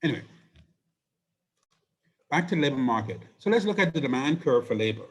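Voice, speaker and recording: Hoarse male economics lecturer. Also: medium pitch, big pitch swings, fast. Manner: explanatory, asks rhetorical questions. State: hoarse, losing his voice. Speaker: economics instructor. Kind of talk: recorded lecture.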